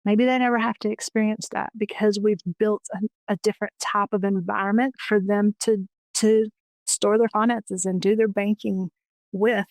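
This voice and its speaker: A woman's voice: medium pitch, level tone, normal speed, a little mellow, no echo. A woman in her forties tells personal stories as a guest on an interview show. She is earnest and eager, often stops to restart a thought, and her mid-range voice has a close, dry sound. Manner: earnest and enthusiastic, with many restarts. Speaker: interview guest, financial educator.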